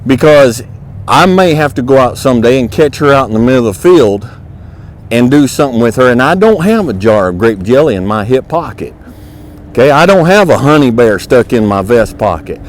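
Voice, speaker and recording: A man with a mid-pitched, everyday voice gives a hands-on lesson, outdoors in a horse yard. He talks in a folksy, plain-spoken way, blunt with his viewers and soft with the animal. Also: animated, a little fast, slight background noise, low-quality recording. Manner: coaxes the horse softly while working. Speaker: horse trainer and instructor. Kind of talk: hands-on instructional video.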